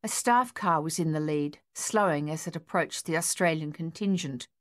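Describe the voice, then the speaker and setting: A woman reading a novel aloud as an audiobook narrator, in a measured, even storytelling manner. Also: sits low. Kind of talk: scripted narration.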